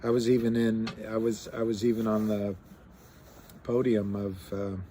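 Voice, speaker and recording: A man's voice: fairly low pitch, little pitch movement, moderate pace, warm tone, a little hiss or hum. A man hosting a live stream, chatting casually and rambling with many fillers and restarts, reading figures aloud. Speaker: livestream host talking stocks.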